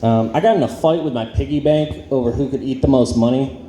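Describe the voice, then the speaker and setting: A comedian's mid-range, mellow voice moves a little fast through an awkward stand-up set where he mocks himself, says um a lot, and lets sentences trail off. Audience laughter and noise fill the roomy club.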